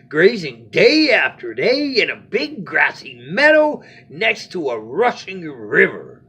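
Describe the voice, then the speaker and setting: A man with a high, lively, bright voice reads a bedtime story slowly. His tone is slightly husky and playful. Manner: animated, playful.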